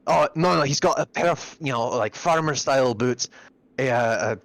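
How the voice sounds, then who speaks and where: A rambling man describing his tabletop character, stopping now and then to hunt for a word. His voice is at a middle pitch and sounds dry and close, with no room echo. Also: normal speed, gravelly. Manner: rambling, searching for words. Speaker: player.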